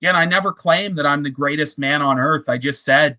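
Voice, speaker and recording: A man with a high, bright voice rants in casual chat. He swears constantly and sounds indignant. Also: brisk. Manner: crude, profane, indignant. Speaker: stream panelist.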